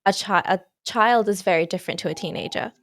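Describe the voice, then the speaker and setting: A woman's voice: medium pitch, quick pace, a bit bright, no room sound. Young woman host, tentative questions. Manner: tentative questions with many qualifiers. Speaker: podcast host. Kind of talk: podcast interview questions.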